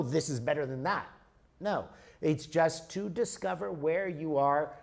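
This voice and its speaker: Slightly high-voiced man lecturing. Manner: explanatory, often checks in with "okay?" and "right?". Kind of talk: lecture with audience questions. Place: lecture room.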